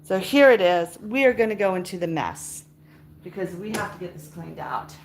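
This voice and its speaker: A woman's voice: lowish voice, normal speed, background noise. A middle-aged woman chatting casually with live-stream viewers as she tidies and sorts her house. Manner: chatty, talks to viewers while sorting and moving things. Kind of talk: casual live-stream chat while tidying. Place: house interior, moving between rooms.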